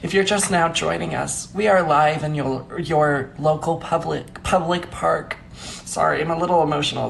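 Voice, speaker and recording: A man hosting a comedic livestream in a mock-solemn, theatrical manner, breaking into drawn-out mock-grieving wails. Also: a little high, vocal fry, slight background noise.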